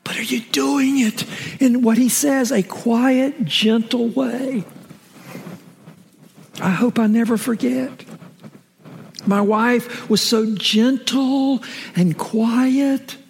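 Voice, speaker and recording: A middle-aged man preaching a sermon as a pastor, with emphatic swings from raised shouts down to whispers. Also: very high-pitched, fairly even intonation, slow pace, creaky, pauses often. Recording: long hall reverb.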